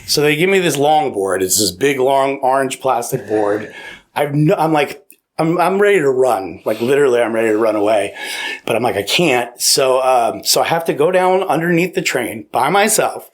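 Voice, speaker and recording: A man telling stories casually on a podcast as a guest. He is animated, laughs a lot, acts out quotes and swears freely. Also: medium pitch, moderate pace. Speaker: podcast guest, former paramedic. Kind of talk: casual storytelling. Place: podcast studio.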